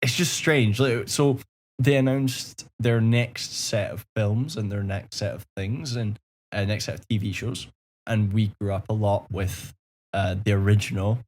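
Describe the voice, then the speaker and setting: A man in his thirties co-hosting a podcast, laughing often and rambling in a relaxed way. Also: on the low side, measured pace, a little hiss or hum. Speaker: podcast co-host. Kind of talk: casual chat.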